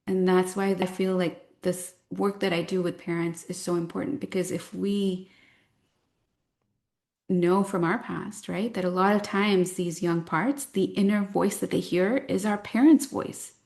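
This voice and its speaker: A woman in her thirties with a fairly low voice speaks to a group of parents as their coach. She explains things in a calm, reflective way and draws on stories from her own life. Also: a little slow, vocal fry.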